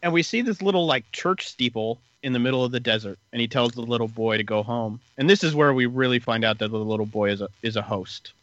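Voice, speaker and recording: Guy chatting loosely about a show, bright voice, kinda dull lo-fi sound, dry room. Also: medium pitch, quick pace, hardly any pauses, dry recording. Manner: relaxed, rambling retelling with many fillers. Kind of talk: casual podcast recap chat.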